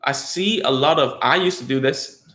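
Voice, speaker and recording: A man's voice: medium pitch, moderate pace, a bit bright, echoey room. A man working as a speech therapist, explaining things to parents in a casual, rambling way with lots of fillers and "okay?" checks. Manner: conversational, rambling with frequent fillers and tag questions. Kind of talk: casual educational talk to parents.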